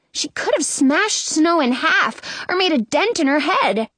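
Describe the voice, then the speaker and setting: A woman narrating a children's story in the first person, chatty and expressive. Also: high voice, a little slow, no echo. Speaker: audiobook narrator.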